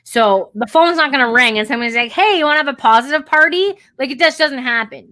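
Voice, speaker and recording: A woman's voice: fairly high pitch, fairly bright tone. A woman co-hosting a podcast, talking listeners through a motivational pep talk in a direct, coaching way with casual swearing. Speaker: podcast co-host.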